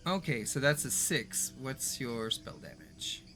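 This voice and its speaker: A man's voice: mid-range voice, measured pace, sharp tone, soft background music. A man running a tabletop game as game master, narrating events vividly and laughing easily.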